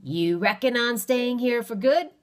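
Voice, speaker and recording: A woman's voice: on the high side, measured pace, voice pushed up, natural voice. A woman voicing a heavy-set, bearded backwoods stranger who is sly and cheerful, talking in a folksy drawl. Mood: easygoing.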